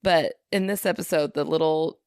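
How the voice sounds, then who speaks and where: A woman's voice: low voice, fairly even intonation, moderate pace, darkish tone, no echo, clean studio sound. A woman co-hosting a podcast, chatting casually and acting out the voices in her story. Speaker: podcast co-host. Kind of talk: casual chat.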